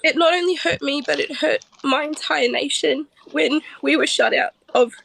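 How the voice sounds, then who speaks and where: A woman speaking in an earnest, heartfelt, halting way on a phone livestream. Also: high voice, vocal fry, fairly bright tone, low-quality recording. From Australia. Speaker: livestream guest. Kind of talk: emotional livestream talk.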